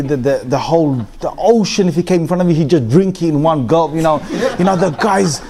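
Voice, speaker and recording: Male lecturer with a slightly raised pitch, telling lively stories and laughing as he talks. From Britain. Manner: lively, laughs often, mimics other speakers. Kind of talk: animated storytelling lecture.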